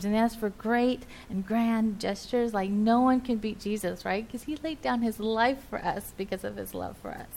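Chatty young woman giving a casual sermon. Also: fairly high pitch. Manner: chatty, animated, many "like" fillers. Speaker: church speaker. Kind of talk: casual sermon talk to a group.

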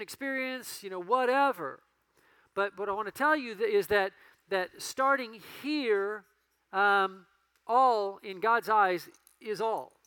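A male pastor giving a conversational sermon that rises to emphatic peaks and drops to quiet storytelling. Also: sits high, clean tone, dry recording, poor audio.

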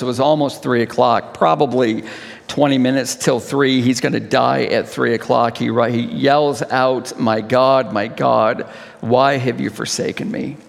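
A male pastor leading communion with an impassioned sermon, swelling to high cries and dropping to hushed tones. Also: creaky, long reverb tail.

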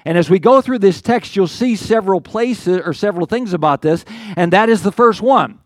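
An older man preaches in an earnest, conversational way, stumbling and restarting as he works through his points. His voice sits high for a man, and the sound is dry and close with almost no room around it. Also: animated, moderate pace, dry recording. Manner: conversational, earnest, with many restarts and acted quotes of the psalmist. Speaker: pastor. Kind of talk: sermon.

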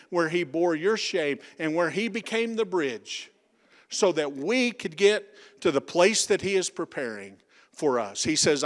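A male pastor preaching a sermon, leading the congregation in call-and-response and dropping to soft, dramatic tones. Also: on the high side. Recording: long reverb of a large hall.

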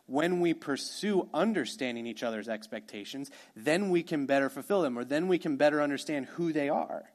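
A man's voice: on the high side, a little fast. Conversational male pastor preaching. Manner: conversational, animated storytelling with asides. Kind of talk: sermon.

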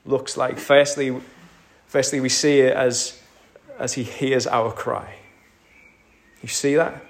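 This male pastor speaks slowly, with a medium-pitched voice and a level tone. His sermon swells into emphatic peaks before falling to almost a whisper.

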